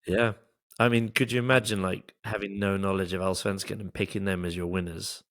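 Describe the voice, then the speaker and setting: A man's voice: deep voice, little pitch movement, fairly quick, a bit bright, no echo, clean studio sound. A man hosting a casual football podcast, joking around and swearing freely. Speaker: podcast host.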